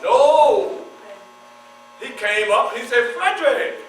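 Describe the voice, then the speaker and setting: A man with a very high, ringing voice tells a dramatic first-person story to a live audience, firing questions at the crowd and answering them himself. He sounds far from the mic in a very echoey hall. A faint mains hum sits under his voice. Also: normal speed, sharp tone. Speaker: historical reenactor performing in character.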